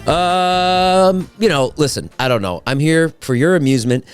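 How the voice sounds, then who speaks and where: Man, 50s, podcast host: animated, chatty and self-deprecating, smooth voice. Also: fairly high pitch, normal speed, faint music behind. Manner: chatty and self-mocking, with playful voice swings. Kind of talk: casual solo podcast chat.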